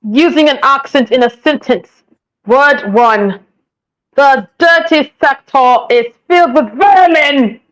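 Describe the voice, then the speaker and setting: A woman's voice: fairly high pitch, a little slow, fairly bright tone, rough recording. A woman voicing a wrathful, theatrical Shakespearean-style preacher with grandiose, declaiming delivery. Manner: grandiose old-fashioned oratory, declaiming.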